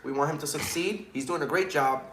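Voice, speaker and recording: Hyped high-voiced man co-hosting. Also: fast, fairly bright tone, roomy sound, a little hiss or hum. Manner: hyped, promoting and joking. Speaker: livestream co-host. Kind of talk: casual livestream chat.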